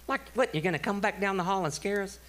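A man's voice: high voice, quick pace, fairly bright tone, pitched above the performer's own voice. A man putting on the voice of his young daughter, teasing and chatty, in a sing-song manner. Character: young girl, mocking and chatty.

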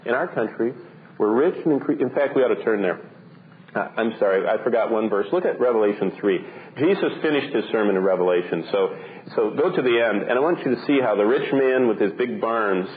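A man preaching a sermon, swinging between emphatic high peaks and quiet, soft drops. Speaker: pastor. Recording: tinny phone-like band, faint noise.

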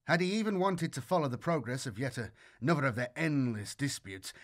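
A man giving a measured, scripted audiobook narration of a war story. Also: mid-range voice, big pitch swings, a bit bright.

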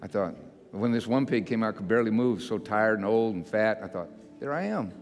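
An older man, a pastor, preaching a sermon in a folksy, self-mocking way that builds into loud, emphatic repetition. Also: on the low side, steady tone, fairly quick, a faint crowd. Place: church sanctuary. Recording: church hall reverb with faint music.

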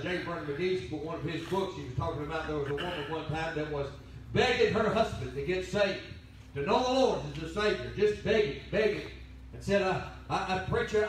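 A man's voice: fairly high pitch, fairly quick, a little hiss or hum. A man preaching a sermon as pastor, telling folksy stories. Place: church sanctuary. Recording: very echoey church from a distance.

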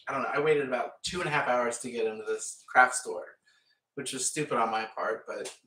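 Pushed and bright at a medium pitch, a man's voice rambles through a casual chat as he paints, with lots of laughs along the way. This painting vlogger is recorded in an echoey room on a distant mic, with a faint hiss or hum.

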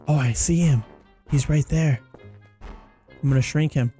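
A man giving excitable let's-play commentary, mocking enemies and yelping and screaming when chased. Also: a little high, unhurried, slightly rough, soft background music. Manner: playful, mocks the enemies. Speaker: gaming commentator.

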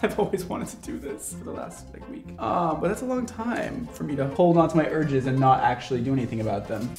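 Male stylist-vlogger, self-mocking and exclaiming, voice swings high and low, echoey room. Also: sing-song, a little fast, gravelly. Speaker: hairstylist. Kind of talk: casual vlog chat. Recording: roomy echo, faint music.

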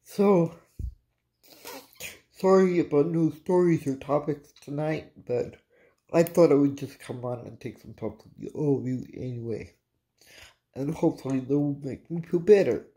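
Slow, mellow-voiced frustrated vlogger. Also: mid-range voice. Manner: halting, restarts sentences, swears under breath. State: frustrated and irritated. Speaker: cannabis vlogger, host of own channel. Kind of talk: casual late-night venting to viewers.

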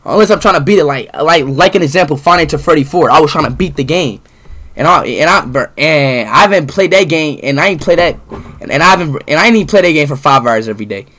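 High-pitched husky young man ranting at chat. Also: lively intonation, fast. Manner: angry profane ranting, bursts into shouting. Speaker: streamer. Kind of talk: ranting live stream to chat.

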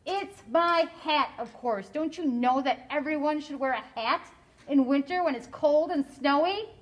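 A woman's voice: a little high, big pitch swings, a little fast, sharp tone. A woman voicing a friendly little male hedgehog, proud of his hat, in an earnest, slightly raised storybook voice. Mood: indignant.

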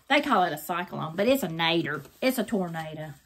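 A woman's voice: fairly low pitch, animated, brisk, noisy background. An older woman, chatting effusively to her viewers while opening mail in a casual vlog. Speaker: craft vlogger.

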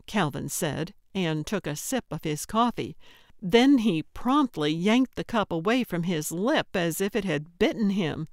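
A woman narrating an audiobook in an unhurried, steady reading. Her voice is smooth and clear, and the recording is close and dry with no room sound. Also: fairly low pitch, no echo. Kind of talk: scripted narration.

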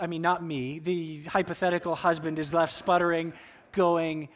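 A male pastor preaching from the pulpit of a church. His voice sits a little high, and his delivery is expressive as he acts out the voices in the quotes he tells. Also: normal speed. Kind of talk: sermon. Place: church sanctuary.

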